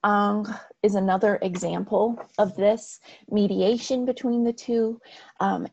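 A woman's voice: mid-range voice, vocal fry, dark tone, husky, muffled recording. A woman lecturing on art history over slides, explaining in a plain way with frequent "um" and "right".

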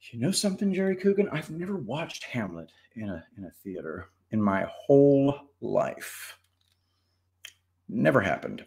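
A man hosting a casual live stream, reading chat and giving rambling, opinionated takes with frequent restarts. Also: medium pitch.

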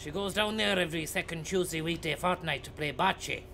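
A man's voice: on the high side, brisk, bright, forceful tone, slight background noise. An Irish man streaming a bus-driving game, chatting with passengers in a teasing way and repeating catchphrases. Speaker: streamer playing a bus driver. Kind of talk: comedic live-stream banter.

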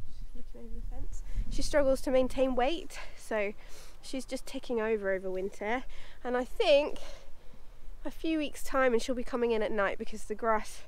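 A woman's voice: fairly high pitch, normal speed. A woman vlogging casually outdoors at a horse yard, a little out of breath from walking, talking chattily to the camera and to her horses. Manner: chatty, talks to her horses in a fond baby voice. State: a bit out of breath from walking uphill. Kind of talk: casual vlog chat.

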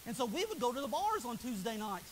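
A man preaching a revival sermon, his voice often taken for a woman's, swinging from soaring high shouts to hushed low asides. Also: sing-song, fast talker, a little hiss or hum, low-quality recording.

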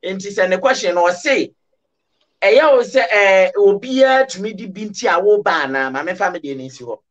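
High-voiced Ghanaian man telling a long story. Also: expressive, normal speed, dull audio. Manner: long storytelling in Twi with English words. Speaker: panelist. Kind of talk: talk show commentary.

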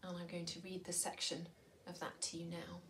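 A woman leading a school assembly for children, reading from a storybook and talking in a gentle, measured way that often drops to a soft whisper. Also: lowish voice, completely flat delivery, a little hiss or hum, rough recording.

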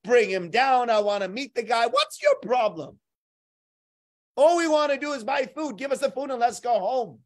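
A man acting out an indignant adult brother from a biblical story, firing off loud, angry rhetorical questions. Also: high-pitched, sing-song, normal speed, hardly any pauses. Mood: exasperated. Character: exasperated adult male biblical brother pleading.

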